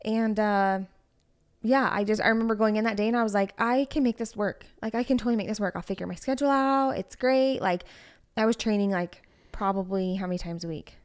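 A woman's voice: mid-range voice, fairly quick, smooth. A young adult woman co-hosting a podcast, telling a story in an emotional, rambling way with lots of fillers. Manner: emotional, rambling, heavy use of "like". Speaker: podcast co-host. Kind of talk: casual chat.

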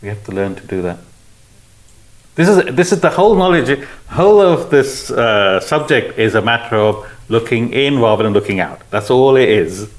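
A man leading a spiritual discussion, explaining calmly with repeated phrases. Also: mid-range voice, moderate pace, low-quality recording. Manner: calm, explanatory, repetitive phrasing. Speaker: spiritual teacher. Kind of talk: teaching discussion.

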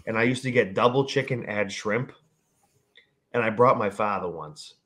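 A young man, co-hosting a casual podcast and telling loud, swearing stories full of shouted quotes. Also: on the low side, moderate pace. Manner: animated storyteller, swears, shouts when quoting his dad. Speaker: podcast co-host. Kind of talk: casual chat.

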